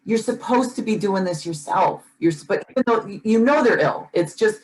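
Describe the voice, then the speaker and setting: A podcast co-host chats casually, her medium-pitched voice animated, a little mellow, and at a normal speed. She speaks earnestly and passionately, often restarting and repeating words as she gets worked up. The recording quality is low.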